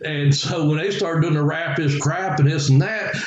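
A man's voice: fairly high pitch, normal speed, dull audio, a crowd in the background. A man, a former wrestler telling rambling stories as a guest, full of chuckles and fillers. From Southern United States. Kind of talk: casual storytelling interview. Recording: echoey room with faint ambience.

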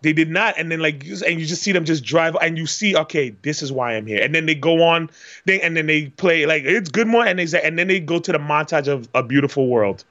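Male podcast co-host, fairly high voice, loose and rambling, swears a lot, acts out scenes; muffled, dry recording. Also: fast talker, bright, forceful tone. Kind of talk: casual movie review chat.

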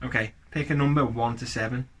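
A young man co-hosting a casual podcast, giggling and swearing through quick banter, in a noisy home recording. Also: mid-range voice, steady tone, fairly bright tone. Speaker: podcast co-host. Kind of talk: casual joking chat.

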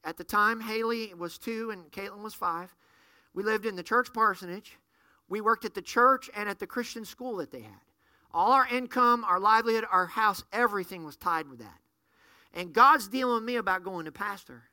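A middle-aged man, a pastor, preaching a sermon and telling stories with lively acted-out dialogue. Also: high-pitched, normal speed, no room sound. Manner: animated storyteller, acts out dialogue. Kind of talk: sermon storytelling.

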